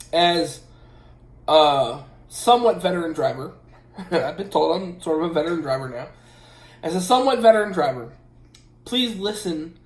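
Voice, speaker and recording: A man who drives trucks giving casual safety advice at home, emphatic and repeating his points with a frequent "okay?". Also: fairly high pitch. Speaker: truck driver and channel host. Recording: roomy echo.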